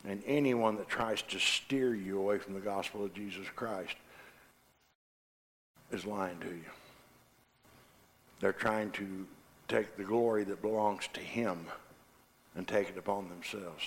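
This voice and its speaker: A man preaching a sermon, passionate and forceful, dropping to quiet asides between loud declarations. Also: on the low side, steady tone, unhurried, long pauses. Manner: impassioned, swings from loud to quiet.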